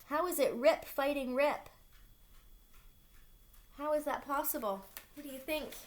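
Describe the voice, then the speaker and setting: A woman's voice: sits high, a little slow. A woman reading a children's book aloud, stopping for chatty asides to young listeners.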